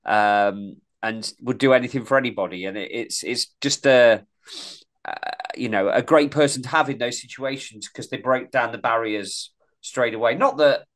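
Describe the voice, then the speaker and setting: A man's voice: medium pitch, normal speed, fairly bright tone. A man from the East Midlands with a mild East Midlands accent, co-hosting a podcast in casual, rambling chat full of restarts. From East Midlands, England. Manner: rambling, many restarts and repeated words. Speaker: podcast co-host.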